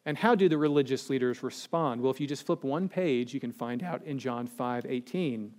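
A man preaching a sermon verse by verse, with dry sarcastic humor and animated emphasis. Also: medium pitch, normal speed. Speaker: pastor.

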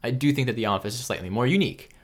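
A man's voice: mid-range voice, rapid-fire. A young man co-hosting a podcast, chatting casually with lots of fillers and slang. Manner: loose, filler-heavy, slangy banter. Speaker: podcast co-host. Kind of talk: casual chat.

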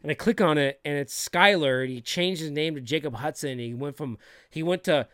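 A man's voice: on the high side, a little fast, a bit bright, clear, resonant tone, no room sound, clean studio sound. A young man, a podcast host, telling rambling, profane stories in casual chat with lots of fillers and restarts.

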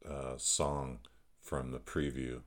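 Man with an extremely deep voice. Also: flat delivery, slow pace. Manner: easygoing, teasing. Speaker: podcast co-host, father. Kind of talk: casual chat. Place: his home office, indoors.

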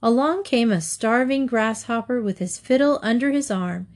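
A woman narrating storybook fables in a clear, measured reading. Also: fairly high pitch, a little mellow.

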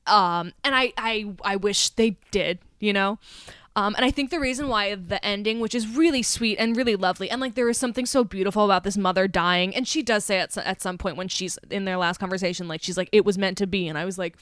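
A woman's voice: medium pitch, quick pace, a bit bright, smooth, no room sound, studio quality. A young woman co-hosting a podcast, casually retelling movie scenes with lots of swearing and quoted lines. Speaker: podcast co-host.

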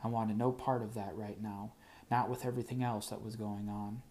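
A man narrating an audiobook in first person, wry and even. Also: on the low side, normal speed, a little hiss or hum.

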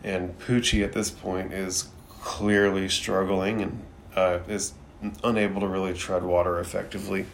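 A man with a very low voice and a gravelly edge, recapping an episode in a relaxed, unpolished way. He talks loosely, with plenty of fillers, and swears without a second thought. A faint hum sits under the recording. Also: moderate pace. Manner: laid-back, swears freely, relaxed filler words. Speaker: anime reviewer.

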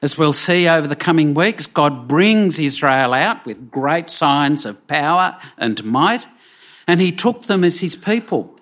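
A man preaching a sermon, slow and emphatic, with dramatic pauses. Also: a little high, expressive, fairly bright tone.

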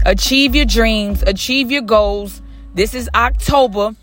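A woman's voice: fairly high pitch, a little slow, soft background music. A woman hosting a podcast, giving an emphatic motivational monologue, repeating phrases and calling the listener friend. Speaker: podcast host.

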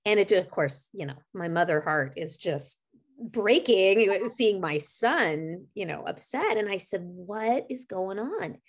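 A woman's voice: mid-range voice, lively intonation, a little slow. A middle-aged woman co-hosting a podcast, telling a personal story in an earnest, reflective, conversational way. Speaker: podcast co-host.

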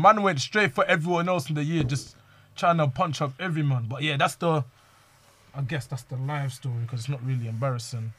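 A man's voice: on the high side, fairly bright tone. Young man telling stories. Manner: slangy, acts out quoted lines. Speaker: storyteller. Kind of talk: animated casual storytelling with friends.

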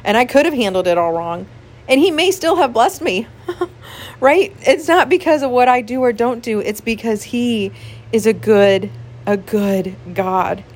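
A woman's voice: fairly high pitch, expressive, a little slow. Emotional, earnest woman giving a devotional talk. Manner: emotional, earnest, frequent laughs and "like" fillers. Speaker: pastor's wife.

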